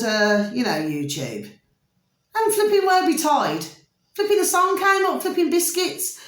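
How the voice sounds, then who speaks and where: A woman's voice: fairly high pitch, fairly bright tone. A woman, host of her own channel, chatting to her viewers in a rambling, fond way, full of endearments and repeats. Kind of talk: rambling casual monologue to viewers. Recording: roomy echo.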